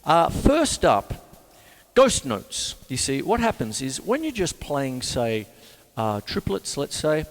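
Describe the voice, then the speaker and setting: A man's voice: a little high, huge pitch swings, slow, big-room sound. A man with an Australian accent teaching drums in a casual, rambling way, counting beats aloud and often saying "you see". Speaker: drum teacher. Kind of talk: casual music lesson.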